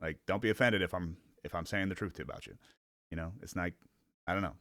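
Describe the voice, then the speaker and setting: A man's voice: deep voice, fast, a bit bright, no echo. Rambling young man, dry close sound. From Cleveland area. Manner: rambling, self-conscious, laughs often, swears casually. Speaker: vlogger. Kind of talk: casual rambling vlog chat.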